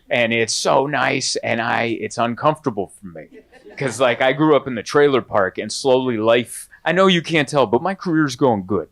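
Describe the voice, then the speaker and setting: Man, 30s, stand-up comic on a club stage; lively, storytelling, pops into high voices for other characters. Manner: animated, mimics other voices in high bursts. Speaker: stand-up comedian. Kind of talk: stand-up comedy set. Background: audience laughter.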